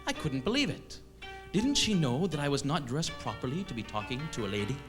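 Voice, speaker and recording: A man from eastern Canada telling a comic story on stage, with a wry, deadpan, self-mocking delivery. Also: medium pitch, brisk, music in the background. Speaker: comedian storyteller. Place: stage at a live show.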